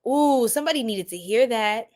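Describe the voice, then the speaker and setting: A woman's voice: fairly high pitch, lively intonation, moderate pace, darkish tone. A woman tarot reader, chatting and joking with viewers on a live stream and laughing often. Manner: laughing a lot, playful, chatty.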